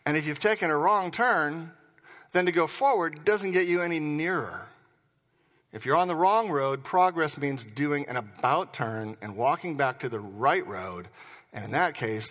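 Bright-voiced older male pastor. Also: fairly high pitch, measured pace. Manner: conversational, animated storytelling with asides. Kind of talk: sermon. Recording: reverberant hall.

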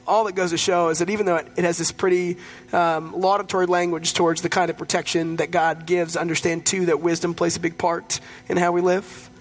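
High-voiced pastor preaching a sermon. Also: male voice. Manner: conversational storytelling with humor.

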